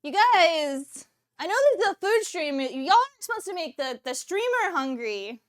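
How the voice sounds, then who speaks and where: A woman's voice: very high-pitched, big pitch swings, a little fast. A woman hosting a cooking livestream, chatting casually with viewers in a bubbly way and laughing often. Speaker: cooking streamer host.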